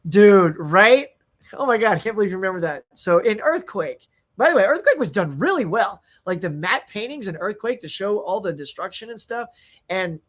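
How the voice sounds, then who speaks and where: Rambling, animated man hosting a livestream. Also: high voice. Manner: rambling, animated, laughs often. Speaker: livestream host. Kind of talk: casual chat reading live comments.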